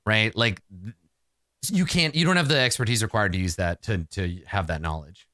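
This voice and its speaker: A man narrating a tabletop game as game master, animated and rambling with frequent restarts. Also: fairly low pitch, moderate pace, dry recording, studio quality.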